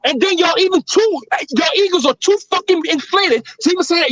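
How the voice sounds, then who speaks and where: High-voiced man ranting heatedly. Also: brisk, a bit bright, no echo, highs cut off. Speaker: panelist. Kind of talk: heated panel debate.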